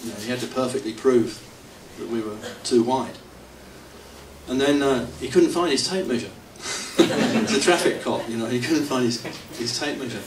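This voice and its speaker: A middle-aged man with a medium-pitched voice speaks at a normal speed, rambling and poking fun at himself as he tells stories and often chuckles. He's a devotee entertaining the audience at a temple anniversary in a temple hall. The distant hall mic gives a roomy sound with faint hiss.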